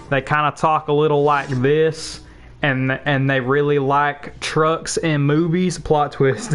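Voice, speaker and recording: A young man of about nineteen, a game streamer, chatting casually and telling a school story while he plays, rambling with swearing and laughing asides. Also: on the high side. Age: young adult, about 19.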